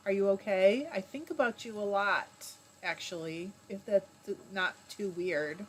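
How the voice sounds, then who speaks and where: A woman's voice: medium pitch, unhurried, few pauses. A woman hosting a live stream in a casual, chatty way, reading viewer comments aloud, laughing often and breaking off mid-word. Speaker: livestream host.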